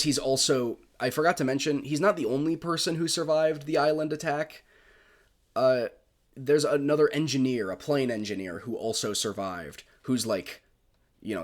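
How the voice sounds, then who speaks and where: A man giving a casual film review monologue, gushing and rambling with frequent swearing. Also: mid-range voice.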